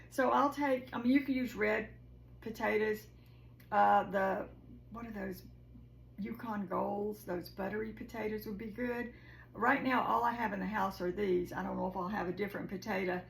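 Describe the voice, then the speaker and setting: Gravelly woman in an echoey kitchen. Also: mid-range voice, slight background noise. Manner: homey and chatty, says "y'all". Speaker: cooking vlogger. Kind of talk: casual cooking chat. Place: home kitchen.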